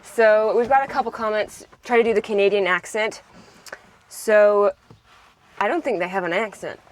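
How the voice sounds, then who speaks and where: A young American woman talks with her sibling in a casual farm vlog. Her manner is chatty and playful, and she laughs easily. Her voice sits at a middle pitch. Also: steady tone, normal speed. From United States. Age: young adult. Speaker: farm vlogger. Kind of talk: casual chat.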